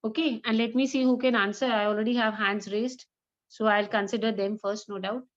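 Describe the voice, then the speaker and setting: A woman teacher runs a lesson, her voice sitting a little high. She praises her students and slowly repeats each example sentence. The audio is muffled and lo-fi. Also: steady tone. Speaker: English teacher. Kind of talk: online grammar class with students.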